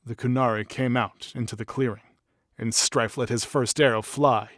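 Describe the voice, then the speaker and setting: A man's voice: mid-range voice, fairly even intonation, normal speed, fairly bright tone, no echo, studio quality. A man steadily reading a fantasy story aloud as narrator. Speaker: audiobook narrator.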